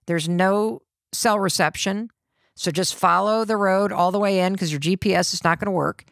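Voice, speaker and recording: A middle-aged woman hosting a podcast, telling a personal story with lively acted-out quotes of the people in it. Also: medium pitch, moderate pace, creaky, no echo, studio quality. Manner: acts out quoted voices of family and ranger. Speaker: podcast host.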